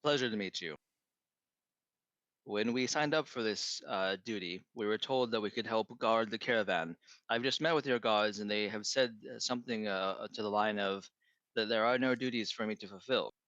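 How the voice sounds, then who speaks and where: A formal soldierly beastfolk sergeant speaks in a low, proper voice, as a man puts him on. Every word is measured and correct. The recording sounds dull and lo-fi. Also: fairly bright tone, no room sound, close to an everyday voice.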